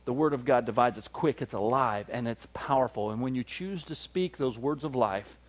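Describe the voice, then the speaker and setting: A male pastor, preaching a sermon, swinging from loud, high peaks down to low, quiet stretches and calling for "amen" from the room. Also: moderate pace. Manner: call-and-response preaching, rises to loud peaks then drops low.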